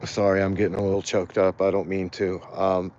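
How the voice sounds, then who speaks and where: A tired man talks casually as an animal rescue volunteer in a livestream walkthrough, halting often and filling pauses with fillers and restarts. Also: sits low, monotone, darkish tone, highs cut off, slight background noise. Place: outdoors by a cat shelter.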